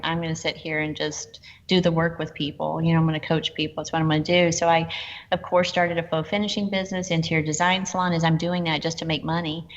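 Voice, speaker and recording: A middle-aged woman telling stories in a casual interview, animated and quoting people in dialogue. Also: sits low, vocal fry, slight background noise. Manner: animated, quotes herself and others in dialogue. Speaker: guest entrepreneur. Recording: dull lo-fi sound with long reverb.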